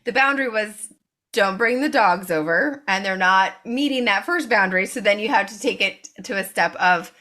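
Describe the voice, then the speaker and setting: A woman's voice: mid-range voice, brisk, sharp tone. A woman hosting a podcast, talking casually and thoughtfully and often checking in with "right?". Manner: thoughtful, affirming, with frequent "right?" tags. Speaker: podcast host. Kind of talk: casual conversation.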